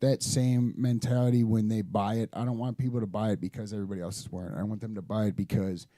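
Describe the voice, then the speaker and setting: Laid-back man with a dark voice. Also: fairly low pitch, fairly even intonation, quick pace, no room sound. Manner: laid-back, rambling, lots of fillers. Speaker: guest designer. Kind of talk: casual podcast chat.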